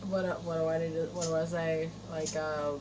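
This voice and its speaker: A woman's voice: deep voice, flat delivery, moderate pace, crowd noise. A young woman talking casually and hesitantly at home, with lots of fillers. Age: young adult. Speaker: guest, vlogger's daughter. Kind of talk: casual chat.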